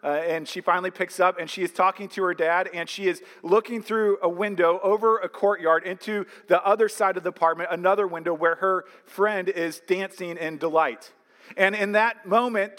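A man's voice: high-pitched, a bit bright. A man preaching a sermon as a pastor, retelling a film plot as a story before turning to earnest emphasis. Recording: long hall reverb.

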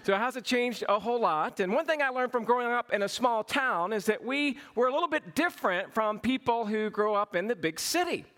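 A man's voice: very high voice, animated, a little fast, hardly any pauses, fairly bright tone. A middle-aged man with a Southern US accent from Georgia, preaching a sermon in a folksy, humorous storytelling manner. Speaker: pastor.

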